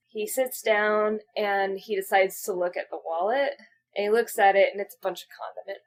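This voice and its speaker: A woman co-hosting a casual movie podcast, retelling scenes and acting out the characters' lines in quick asides. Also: mid-range voice, steady tone. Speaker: podcast co-host. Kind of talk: casual movie recap chat.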